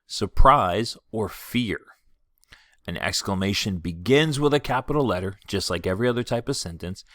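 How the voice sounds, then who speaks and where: Patient teacher man, low voice. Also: a bit bright, no room sound, clean studio sound. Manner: clear, patient explaining, reads example sentences slowly and expressively. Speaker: third grade teacher. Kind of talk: classroom lesson video.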